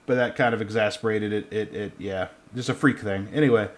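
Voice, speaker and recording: A man's voice: fairly low pitch, fairly quick. Rambling, laughing podcast co-host man. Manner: rambling, self-correcting, laughs often. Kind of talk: casual podcast chat.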